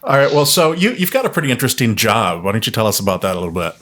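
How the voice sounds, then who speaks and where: Relaxed friendly podcast host man. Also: mid-range voice, rapid-fire. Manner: relaxed, friendly, laughs easily. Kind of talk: casual chat.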